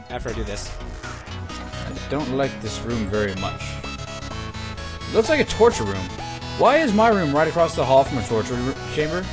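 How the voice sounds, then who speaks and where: A young man hosting a game let's play, chatty and playful, his voice moving lively up and down and sitting a bit high. Music plays steadily underneath his talk. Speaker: gaming video host.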